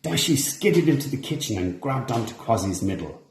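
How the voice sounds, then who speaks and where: Read-along narrator: man, expressive and animated, recorded in a reverberant room. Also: medium pitch, normal speed, a little hiss or hum. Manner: expressive, animated character voices. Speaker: storybook reader.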